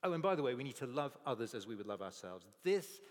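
A man's voice: medium pitch, big pitch swings, fast. A man preaching a sermon, telling stories and acting out the people's voices in quotes. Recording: long reverb of a large hall.

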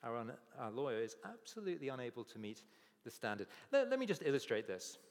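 Guy preaching, lively up and down voice, big echoey hall. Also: medium pitch, quick pace. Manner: animated storytelling, acting out voices in quotes. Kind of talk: sermon. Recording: long reverb of a large hall.

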